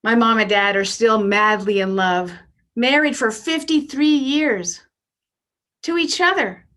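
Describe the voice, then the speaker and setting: A woman's voice: fairly high pitch, unhurried, fairly bright tone. A woman in her fifties doing a stand-up routine, brash and self-deprecating with bawdy punchlines. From Canada. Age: 50s. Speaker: stand-up comedian.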